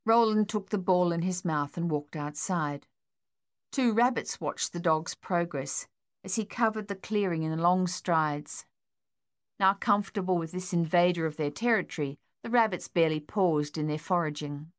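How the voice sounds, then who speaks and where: Lower-voiced woman reading a story. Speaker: narrator. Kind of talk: audiobook narration.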